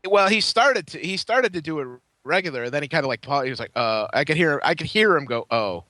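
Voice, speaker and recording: Brief: man, co-host, deadpan storyteller, bright tone, dry sound. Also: fairly high pitch, quick pace, no echo. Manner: storytelling, deadpan, swears freely. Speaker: podcast co-host. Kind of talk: casual comedy podcast chat.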